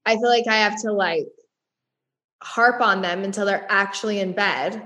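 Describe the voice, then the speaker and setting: A woman, a working mother, explaining her situation in a casual conversation. She talks hesitantly, leans on filler words, and sits at a middle pitch for a woman. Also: moderate pace, bright, forceful tone. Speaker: working mother seeking advice.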